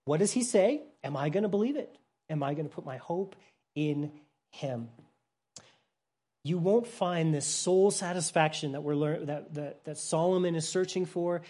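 Preacher swinging between loud and hushed. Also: mid-range voice, moderate pace. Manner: dramatic swings from loud emphasis to hushed softness; plain, simple explanations with frequent restarts. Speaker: Bible teacher. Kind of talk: Bible teaching sermon.

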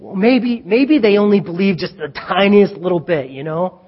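A man with a high, husky voice preaches a lively storytelling sermon, slipping into the voices of the people he describes. The sound is dull and lo-fi, with a long echo from a church hall. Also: normal speed. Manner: animated, acts out scenes, chuckles at own jokes. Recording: dull reverberant hall recording.

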